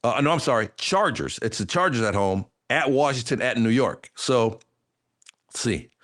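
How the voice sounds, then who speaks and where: Animated man debating football. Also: mid-range voice, moderate pace. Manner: animated, thinks aloud with restarts. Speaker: sports talk show co-host. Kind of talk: casual sports debate.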